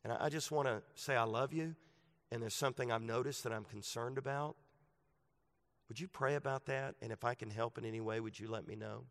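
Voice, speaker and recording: A man's voice: medium pitch, fairly quick, fairly bright tone. A man who is a pastor, preaching a sermon in a conversational way that turns emphatic at points. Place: church sanctuary. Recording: long reverb of a large hall.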